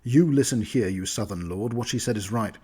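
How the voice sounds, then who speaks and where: A proud older Grand Duke, forceful and indignant at being lied to, as a man reads him. The voice sits low and dark with a husky edge. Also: fairly quick. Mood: angry.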